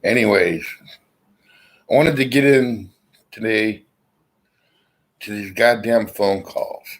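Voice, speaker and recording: A man's voice: fairly low pitch, takes it slowly, low-quality recording. A middle-aged man chatting casually to his viewers from his armchair through a laptop mic, rambling and blunt, with frequent swearing. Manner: rambling, profane, blunt storyteller. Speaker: vlogger. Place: at home, seated in an armchair. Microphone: laptop built-in mic.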